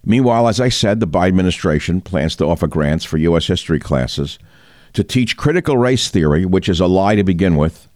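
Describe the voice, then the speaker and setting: Speaking fairly quickly in a low, darkish, animated voice, a male talk radio host offers indignant, combative takes on the news and pelts the listener with rhetorical questions. The studio-quality audio has no echo.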